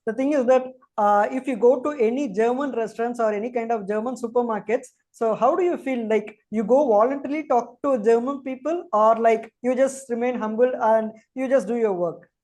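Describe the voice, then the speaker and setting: Woman, interviewer, polite, long asides, mellow tone, slightly high. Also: a little fast, hardly any pauses. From India. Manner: addresses guest as ma'am, long explanatory asides. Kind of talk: interview questions.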